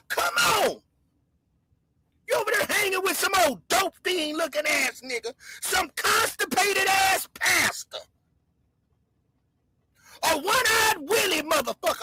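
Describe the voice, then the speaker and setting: A woman hosting a livestream, loudly hurling mocking insults in a shouting rant. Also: extremely high pitch, very noisy. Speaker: livestream host.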